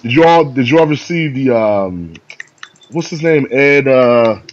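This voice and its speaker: A man's voice: medium pitch, animated, unhurried, slight background noise. Blunt man on dull lo-fi audio. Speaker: podcast co-host. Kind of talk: casual chat.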